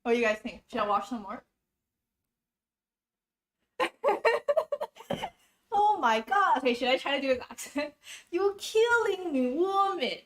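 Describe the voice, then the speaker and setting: A woman's voice: on the high side, very animated, fast, a bit bright. Chatty, giggly young woman in an echoey kitchen. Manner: chatty and flustered, giggles and talks to herself. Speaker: YouTuber cooking for viewers. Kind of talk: casual cooking vlog. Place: home kitchen. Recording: roomy kitchen echo, faint noise.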